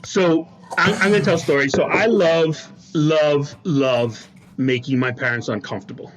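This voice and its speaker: A man co-hosting a podcast, telling stories in a casual, animated way and laughing through them. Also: on the high side, normal speed. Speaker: podcast co-host. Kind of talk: casual storytelling chat.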